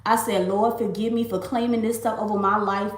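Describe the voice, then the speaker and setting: A woman's voice: mid-range voice, steady tone, fairly quick. A woman in her late twenties from Miami, giving an emphatic, repetitive faith testimony on a casual livestream and calling her viewers y'all. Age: late 20s. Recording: roomy echo.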